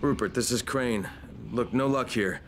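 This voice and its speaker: A man's voice: mid-range voice, measured pace, crowd noise, lightly acted. An actor voicing a tough adult male survivor in a game, speaking tersely and matter-of-factly. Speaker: game character.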